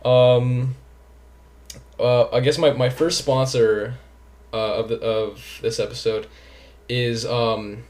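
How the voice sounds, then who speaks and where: A man's voice: mid-range voice, steady tone, slow, long pauses, a little mellow. A young man hosting a casual podcast, rambling and giggling at his own jokes. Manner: giggly, rambling, self-mocking. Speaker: podcast host. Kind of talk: casual chat.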